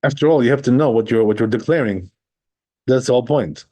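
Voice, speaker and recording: A man teaching a religious text class in a casual, talky way. His voice is mellow and dark, never sharp. He reads a line of text, then explains it, and keeps asking "right?" along the way. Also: medium pitch, fast talker. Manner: explains step by step, often checking with "right?"; reads Hebrew and Aramaic text, then translates. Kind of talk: conversational Torah class.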